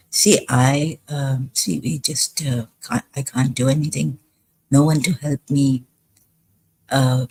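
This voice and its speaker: A woman talking in a rambling livestream monologue, hesitant and halting, pausing often. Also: rumbling low, darkish tone. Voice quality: husky. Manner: halting, hesitant, full of pauses. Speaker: live streamer.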